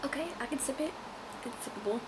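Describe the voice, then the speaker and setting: A woman's voice: high voice, quick pace, noisy background. Tired, rambly woman vlogging at home. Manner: rambly and playful. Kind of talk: casual vlog chat.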